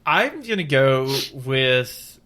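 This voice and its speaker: A man's voice: mid-range voice, very animated, extremely slow, bright, forceful tone. A man co-hosting a casual podcast chat, speaking loosely and searching for words as he goes. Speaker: podcast co-host.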